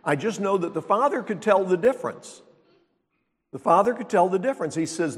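A man's voice: high-pitched, expressive, a little fast. A man preaching a sermon as pastor, teaching in a conversational way and asking the congregation rhetorical questions. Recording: long reverb of a large hall.

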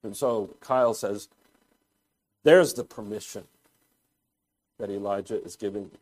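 Male pastor, sermon delivery, low-ish voice, slow and deliberate with restarts. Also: a little mellow. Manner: deliberate, thoughtful, often pauses and restarts.

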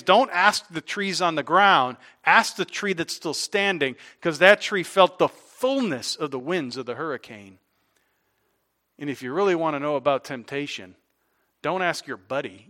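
A man preaching a sermon as pastor, conversational, asking the congregation questions and swinging from loud emphatic points to quiet low asides.

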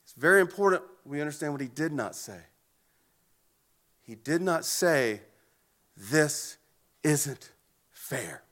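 A man's voice: fairly high pitch, expressive, normal speed, long pauses, a bit bright. A man preaching a sermon in an earnest way, often repeating words as he goes. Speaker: pastor.

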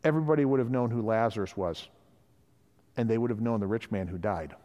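A man's voice: fairly low pitch, a little fast, warm tone, muffled recording. Conversational male preacher in a reverberant hall. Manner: conversational, acts out quoted voices. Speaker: pastor. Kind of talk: sermon.

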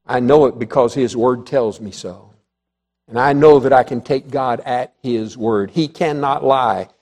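A man preaching a sermon to a church congregation, emphatic, with swings between loud declarations and soft, hushed passages. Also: medium pitch, measured pace.

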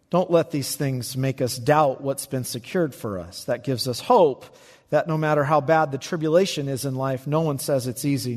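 A male pastor delivering a sermon, swinging between emphatic raised peaks and quiet, low passages. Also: in a large hall. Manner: animated preaching, rising to emphatic peaks and dropping low.

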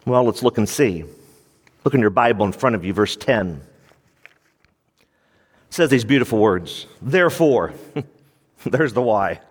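A man's voice: mid-range voice, animated, unhurried, long pauses, slightly rough, big-room sound. A male pastor preaching a sermon in an emphatic, conversational way, often repeating himself as he works through a passage.

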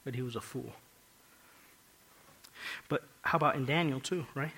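Bright-voiced preacher man, hushed to loud. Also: medium pitch, moderate pace, slightly rough, low-quality recording. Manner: emphatic, swings between hushed and loud; repeats phrases for emphasis. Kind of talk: sermon.

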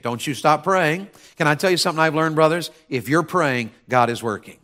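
A man's voice: fairly high pitch, animated, brisk, fairly bright tone. A man preaching a sermon in a folksy, fervent, emphatic way.

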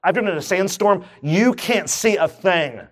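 A man's voice: sits high, expressive, normal speed. A man preaching a sermon, asking his congregation questions and joking as he goes. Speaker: pastor. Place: church.

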